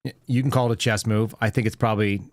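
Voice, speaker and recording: Low-voiced man hosting a call-in show. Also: fast, no room sound, clean studio sound. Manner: rambling storyteller, laughs easily, lively quoting. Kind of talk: casual chat.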